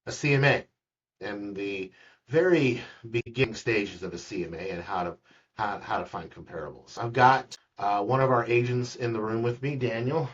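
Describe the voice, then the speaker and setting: A man with a low, slightly husky voice leads a relaxed, joking real estate lesson for a colleague, often repeating his words as he explains. He sits at some distance from the mic. The recording sounds dull and muffled. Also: normal speed. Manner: chatty, jokey asides, repeats words. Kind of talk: casual screen-recorded tutorial. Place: office room with a colleague.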